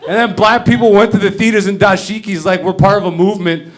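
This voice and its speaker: High-voiced ranting comedian. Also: male voice, fairly even intonation, quick pace. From Canada. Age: 30s. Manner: profane, ranting, brash. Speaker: stand-up comedian. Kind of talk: stand-up comedy set. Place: comedy club stage.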